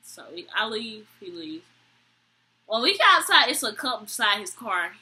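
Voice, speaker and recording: A young woman, telling a story to camera in an animated, exasperated way. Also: normal speed, breathy edge, poor audio. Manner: animated, exasperated, quotes people with high voices. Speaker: vlogger. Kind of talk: storytime vlog, casual chat to camera.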